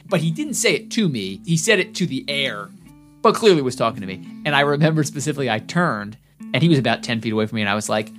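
A man co-hosting a comedy podcast who laughs often and tells stories in a relaxed, chatty way. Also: mid-range voice, fast talker, faint music behind. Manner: laughs often, animated when telling stories. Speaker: podcast co-host. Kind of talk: casual comedic chat and storytelling.

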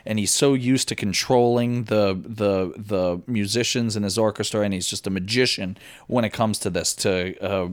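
Animated man recounting film scenes. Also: fairly low pitch, normal speed. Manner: animated, many fillers and restarts, acts out his reactions. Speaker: guest film podcaster. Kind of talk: casual film discussion.

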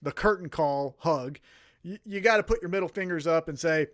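A man's voice: a little high, normal speed, no room sound, clean studio sound. A man co-hosting a podcast in casual chat, telling stories with lots of swearing and acted-out quotes. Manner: profane, animated storytelling with acted-out quotes. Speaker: podcast co-host.

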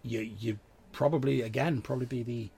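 A man voicing a young local lad who talks in a rambling, halting way. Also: mid-range voice, fairly even intonation, gravelly, dark tone, slightly rough. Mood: chatty.

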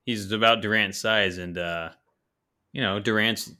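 A man's voice: lowish voice, fairly even intonation, a little slow, pushed and bright. A man co-hosting a casual sports podcast, talking with enthusiasm and casual slang.

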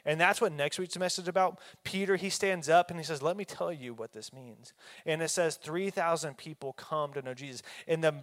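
A man preaching a sermon as a pastor, folksy and emphatic, with fillers and restarts. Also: a little high.

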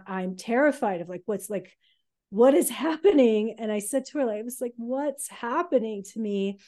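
Candid, halting woman, mellow voice. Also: mid-range voice. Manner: candid, halting, many fillers, emotional at times. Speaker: podcast co-host telling her story. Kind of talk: personal storytelling podcast.

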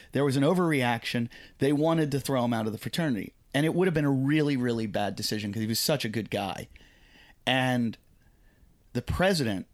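Comic guest, man, mid-pitched, lively storyteller who slips into voices. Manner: animated, acts out quoted voices, swears freely. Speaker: podcast guest, comedian. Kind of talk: casual storytelling.

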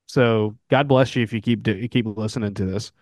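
A man co-hosting a sports podcast, talking in an easygoing, slow-spoken casual chat. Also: fairly low pitch, darkish tone, no room sound, clean studio sound. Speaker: podcast co-host.

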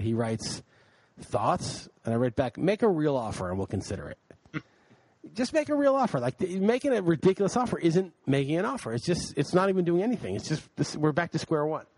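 A man talks quickly and keeps swinging his voice up and down as he rants, with plenty of swearing. His voice sits a little high and sounds dry and close to the mic. He is co-hosting a podcast in loose, casual chat. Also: dry recording, low-quality recording. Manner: animated, profane ranting. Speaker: podcast co-host.

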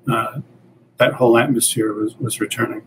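An older man, a comics creator and editor, telling relaxed anecdotes as a guest in a casual interview. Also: mid-range voice, fairly quick, a little hiss or hum, low-quality recording. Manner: relaxed anecdotal, acts out quoted dialogue.

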